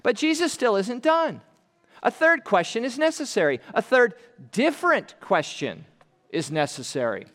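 A man preaching with a high, animated voice that swoops up and down as he presses each point. He is earnest and emphatic, slowing down to stress key phrases and dropping to a softer tone for weight. A long hall reverb trails behind his words, as in a large church sanctuary. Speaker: pastor. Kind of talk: expository sermon.

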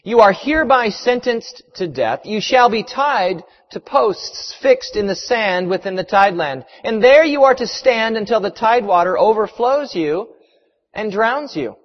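A stern, commanding judge pronounces sentence loudly, acted by a man in a high, strained voice. A long hall echo trails each phrase, and the sound is muffled. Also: lively intonation, measured pace. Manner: loud, commanding, raised voice.

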